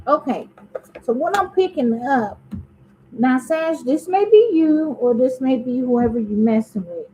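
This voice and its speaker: A woman's voice: high-pitched, animated, a little slow, dark tone, slight background noise, poor audio. Chatty woman giving a tarot reading. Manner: chatty, talks straight to viewers, muses aloud and asks spirit questions. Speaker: tarot reader. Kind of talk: casual tarot reading to camera.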